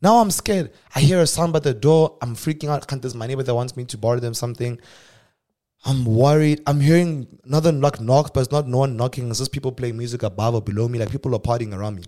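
A young man with a South African accent spins a casual personal tale as a podcast host. His voice sits at an ordinary middle pitch. His delivery is animated, dropping to hushed asides and then jumping to loud exclamations. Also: quick pace. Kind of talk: casual storytelling monologue.

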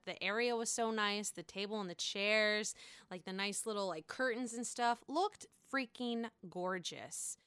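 A woman casually recapping a reality TV episode in a gossipy, animated way with dramatic outbursts. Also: mid-range voice, smooth, dry recording.

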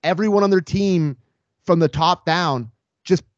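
A man's voice: high-pitched, measured pace, no room sound, studio quality. A man co-hosting a sports podcast, talking in an emphatic, sarcastic, exasperated way in casual chat.

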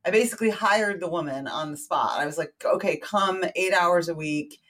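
A woman from the United States, a guest in an interview, telling a story in a lively, casual way with wry asides. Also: on the low side, moderate pace.

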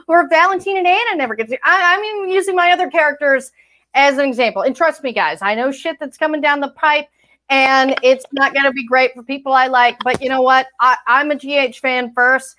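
A woman's voice: high-pitched, fairly bright tone. A woman co-hosting a fan podcast, delivering a heated, sarcastic, profane rant. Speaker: podcast co-host. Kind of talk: ranting fan podcast chat.

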